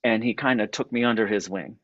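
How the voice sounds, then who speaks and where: A low-pitched man recounts his story in a halting, searching way, often repeating words before he finds them. The sound is dry and a little dull, like a modest mic with no room around it. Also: no room sound. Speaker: podcast guest. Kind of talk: personal storytelling.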